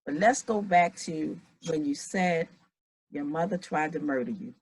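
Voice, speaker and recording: A woman hosting an interview, asking gentle, hesitant questions. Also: low voice, lively intonation, measured pace, husky, poor audio. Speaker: interviewer, host.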